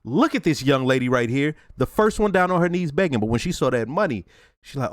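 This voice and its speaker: A man's voice: fairly high pitch, big pitch swings, fast, dry recording, studio quality. A man hosting a reaction video, talking casually in slang and laughing often as he comments.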